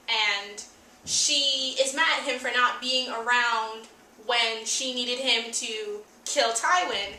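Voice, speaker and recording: An opinionated woman recaps an episode in a casual, lively way. Her voice is fairly high and bright. It is recorded in an echoey room with the mic some distance away. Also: slight background noise. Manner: chatty, opinionated, animated retelling.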